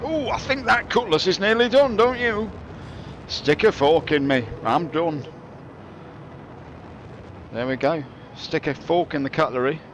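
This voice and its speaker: A man's voice: a little high, unhurried, long pauses, a little hiss or hum. A man giving rambling, jokey commentary over his gameplay, drifting into mock-philosophical musings. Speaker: game streamer.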